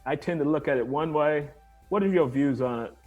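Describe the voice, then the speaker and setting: A man hosting an interview over a video call, relaxed and affirming with short replies. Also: a little high, fairly quick, lo-fi sound, faint music behind. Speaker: interview host. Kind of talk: conversational interview.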